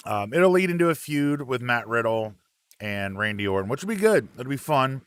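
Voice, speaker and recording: A man hosting a relaxed live wrestling chat, reading out viewer comments with plenty of ums and uhs. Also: mid-range voice, normal speed, clear, resonant tone, dry recording.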